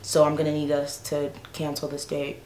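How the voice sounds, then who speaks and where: A woman voicing her offhand young date, speaking flatly in an echoey room. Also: sits low, normal speed, slight background noise, voice pushed down, natural voice. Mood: dismissive.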